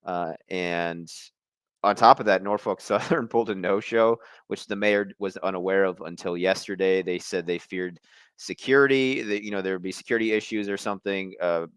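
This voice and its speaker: Man, field reporter, calm and measured, smooth low voice, dry sound. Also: dry recording. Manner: measured, thoughtful, chuckles now and then. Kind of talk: casual podcast interview.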